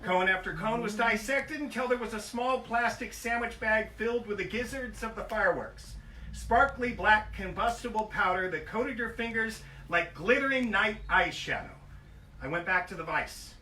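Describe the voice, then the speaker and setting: A man's voice: high voice, moderate pace, sharp tone, a little hiss or hum. An older man reading his own memoir aloud at a bookstore event, profane and self-mocking, drifting into comic tangents. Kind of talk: live book reading with comic asides. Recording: echoey store room, heard from far off.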